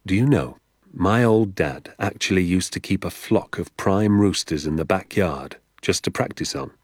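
A man reading an audiobook, voicing a secretive, enthusiastic father who talks in a low, confiding hush and sometimes drops to a whisper. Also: expressive, moderate pace, no room sound, clean studio sound. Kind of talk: audiobook character voice.

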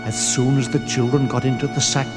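A man reading a children's story aloud, animated and laughing often. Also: medium pitch, fast. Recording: reverberant with music behind.

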